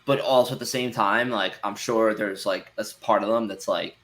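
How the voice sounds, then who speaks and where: A man's voice: lowish voice, steady tone, moderate pace, a bit bright. A young man co-hosting a podcast in a loose, rambling casual chat. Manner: loose, rambling, uses lots of fillers. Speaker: podcast co-host.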